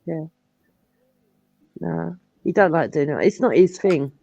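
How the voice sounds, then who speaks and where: A middle-aged woman with a Cockney accent, hosting a casual live-stream chat, telling animated stories and swearing freely. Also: low voice, a little slow, creaky, no echo. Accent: London Cockney. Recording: dull lo-fi stream audio.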